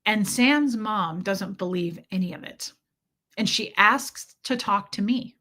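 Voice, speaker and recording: A woman's voice: mid-range voice, takes it slowly, sharp tone. A woman in her thirties telling a candid personal story to her live chat, swearing freely and answering viewers by name. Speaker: streamer.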